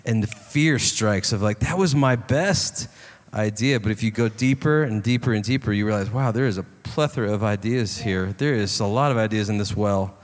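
Low-voiced man reflecting on stage. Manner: earnest, reflective, builds a point slowly. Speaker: songwriting panelist. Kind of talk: reflective panel talk. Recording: long hall reverb.

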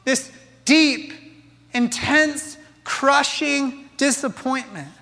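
Impassioned high-voiced preacher in a hall. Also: male voice, drawn-out words, vocal fry, bright, forceful tone. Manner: impassioned, rhetorical questions to the congregation. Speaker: pastor. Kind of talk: sermon.

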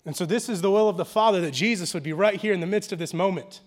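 High-voiced man preaching a casual sermon. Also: quick pace. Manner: casual, conversational preaching with slang; swings from quiet and intimate to loud and animated. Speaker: pastor.

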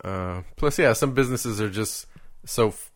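A man's voice: on the low side, moderate pace. A man in casual chat, rambling and joking with lots of fillers.

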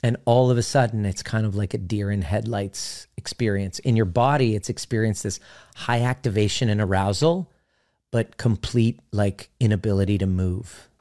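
A man's voice: on the low side, normal speed, a little mellow. A man who works as a relationship coach, talking casually and animatedly, acting out his clients' voices now and then. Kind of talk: casual teaching talk.

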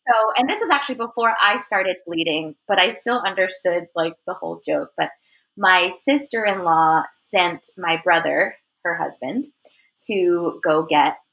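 A woman's voice: lowish voice, vocal fry. A woman on a podcast chatting casually, animatedly acting out relatives' voices in a funny story. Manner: animated, acts out family voices. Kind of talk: casual chat.

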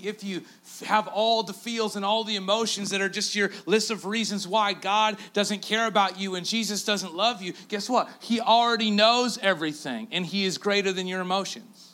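A male pastor with a Canadian accent preaching a sermon, telling the story with lively, acted-out quotes and dropping to quiet asides for emphasis. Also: sits high, moderate pace. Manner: animated storytelling, acting out quotes; drops to a near-whisper for emphasis.

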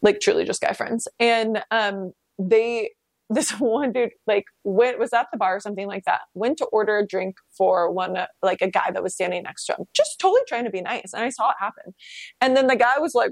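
A woman's voice: brisk, no echo. Woman podcast host, casual solo monologue, candid and reflective, swears freely, dry close sound. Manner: animated, pitch leaping up when emphatic.

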